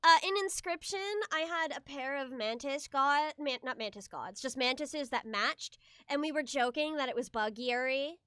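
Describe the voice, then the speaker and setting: A young woman streaming a game, chatting casually and excitably with a friend. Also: sits high, moderate pace, hardly any pauses, no room sound. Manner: bubbly, excitable, giggly. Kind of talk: casual gaming stream chat.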